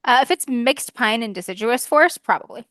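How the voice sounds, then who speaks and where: Quick, lively woman player. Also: on the high side, no room sound, studio quality. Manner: lively and quick, says like a lot. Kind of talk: casual tabletop game chat.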